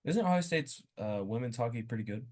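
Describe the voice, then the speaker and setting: A man's voice: mid-range voice, expressive, a little mellow. Laid-back young man on a podcast. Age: young adult. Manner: laid-back, quick to laugh, agreeable. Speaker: podcast co-host. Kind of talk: casual comedy podcast chat.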